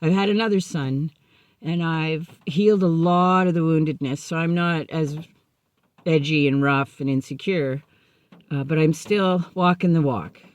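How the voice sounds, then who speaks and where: A woman's voice: deep voice, measured pace. A woman sharing a personal recovery story in a candid, self-mocking way, acting out remembered conversations. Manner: animated, acts out remembered dialogue.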